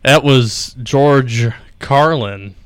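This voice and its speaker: A radio host from Western New York with that regional accent, bantering casually and laughing often. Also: male voice, mid-range voice, very slow, clear, resonant tone, dry recording.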